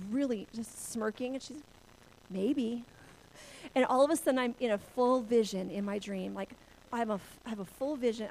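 A woman's voice: a little high, a little mellow, rough recording. A middle-aged woman from a church-planting family sharing a personal testimony, telling it with emotion and laughing through the hard parts.

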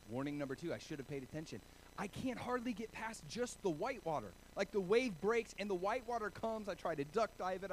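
A man from Oregon preaching a sermon, telling stories with animated, self-deprecating humor. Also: sits high, slight background noise, poor audio. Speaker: pastor.

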